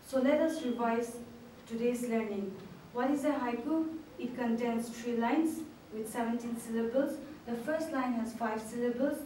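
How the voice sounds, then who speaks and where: A woman's voice: a little high, a little mellow, a little hiss or hum. Woman teacher, echoey room from far off. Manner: slow, clear, syllable-stressing delivery. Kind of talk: online class lesson.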